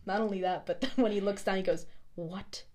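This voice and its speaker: Young female co-host, chatty and quick to laugh, medium pitch. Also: steady tone, mellow, slight background noise. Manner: giggly, chatty, often acts out quoted lines. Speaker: podcast co-host. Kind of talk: casual chat.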